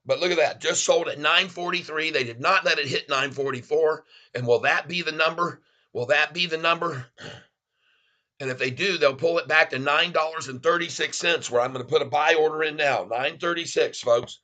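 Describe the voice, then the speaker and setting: Excited man calling stock prices live. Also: a little high, normal speed. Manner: excited, calls out prices, chats with viewers as "folks". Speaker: stock trading livestream host. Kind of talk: live day-trading commentary.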